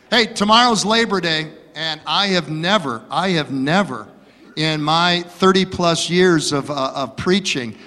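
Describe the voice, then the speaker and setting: A pastor in his fifties preaches an earnest, folksy sermon. He speaks in a high, bright voice at an unhurried pace. A long reverb from the church hall trails his words. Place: church sanctuary.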